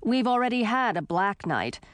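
A woman's voice: a little high, sing-song, normal speed, no room sound. A woman voicing a tournament herald who speaks in a matter-of-fact, lightly teasing way. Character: wry, unbothered male tournament herald.

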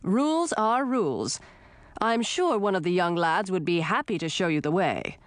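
Woman doing a deadpan herald guy, sticks to the rules, dry sound. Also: on the low side, moderate pace, dry recording, lightly acted. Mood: firm. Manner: matter-of-fact, lightly teasing. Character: wry, unbothered male tournament herald.

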